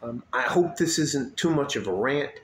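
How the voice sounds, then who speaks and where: A man's voice: mid-range voice, animated, moderate pace, reverberant, slight background noise. A man in his late fifties, ranting bluntly and profanely to his viewers, often breaking off mid-thought. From United States. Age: 50s. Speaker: vlogger. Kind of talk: unscripted rant to camera.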